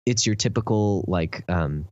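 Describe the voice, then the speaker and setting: Low-voiced texan guy rambling about video games, lots of ums and likes, dry kinda muffled mic. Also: measured pace, darkish tone, no echo. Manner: rambling, lots of fillers, enthusiastic explaining. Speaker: podcast host. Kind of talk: casual podcast chat.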